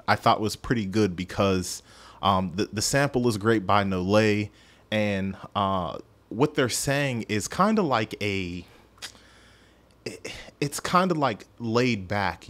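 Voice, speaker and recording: In a somewhat low voice, a man chats his way through a music review on his casual podcast. He wanders off on tangents and makes fun of himself, often tripping over his words, in a solo review conversation.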